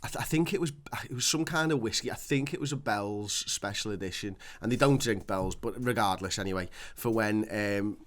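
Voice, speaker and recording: A man co-hosting a casual podcast, rambling and animated as he tells stories, swearing freely. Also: fairly low pitch, brisk, hardly any pauses. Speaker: podcast co-host.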